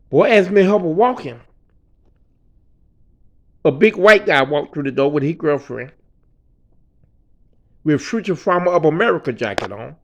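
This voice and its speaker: A man telling a personal story in a quiet, low-key way, often dropping to a mutter and swearing freely. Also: lively intonation, normal speed, pauses often. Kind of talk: personal story told casually.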